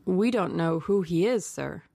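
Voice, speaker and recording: A woman's voice: on the low side, lively intonation, measured pace, creaky, dark tone, no echo, full character voice. A woman voicing an older male gamekeeper who speaks plainly and respectfully. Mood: deferential. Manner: respectful, subdued, plain-spoken.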